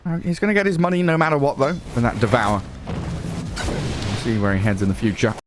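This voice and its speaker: A man with a Northern English accent giving lively play-by-play commentary on an esports match, excitable and quick to laugh. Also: medium pitch, noisy background. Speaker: esports caster. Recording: music playing underneath.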